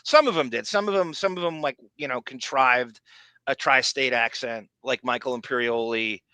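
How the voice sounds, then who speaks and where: A man from Long Island co-hosting a podcast, talking in an animated, excitable way with frequent restarts. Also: medium pitch, normal speed, clear, resonant tone, no room sound. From Long Island, New York. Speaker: podcast co-host. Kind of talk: casual chat.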